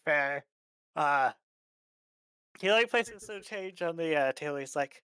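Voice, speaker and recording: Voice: medium pitch, lively intonation, slow pace, pauses often, pushed and bright, clear, resonant tone, no echo. A tabletop game player speaking in clipped, broken phrases for a character. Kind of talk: playing a character in broken speech.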